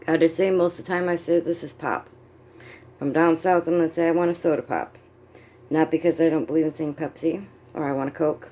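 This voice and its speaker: A woman's voice: fairly low pitch, dark tone. A middle-aged woman from the United States chatting casually on her vlog, rambling and self-amused while she crochets and glances at her notes. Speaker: vlogger. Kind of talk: casual chat.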